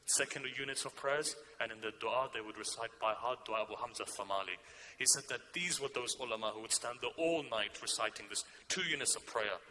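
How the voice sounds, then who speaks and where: Guy giving a sermon, bright clear voice, tells stories and goes soft and low at the quiet bits, faint hum behind. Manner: storytelling, voice dropping low and soft in quoted passages. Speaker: preacher.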